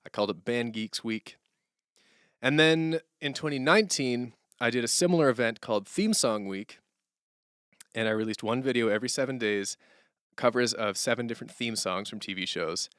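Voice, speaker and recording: A man's voice: medium pitch, fairly bright tone, clean tone, dry recording, studio quality. A man chatting casually on a live stream from the floor at home, rambling through chat questions and laughing easily. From Canada. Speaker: streamer and musician. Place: room at home, sitting on a hardwood floor.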